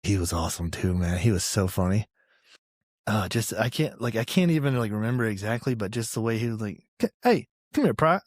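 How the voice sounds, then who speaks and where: A man's voice: lowish voice, a little fast, a little mellow, dry recording, studio quality. A man from Georgia in his thirties, an army veteran guest telling stories in a laid-back, profane way and laughing often. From Georgia, USA. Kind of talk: casual interview storytelling.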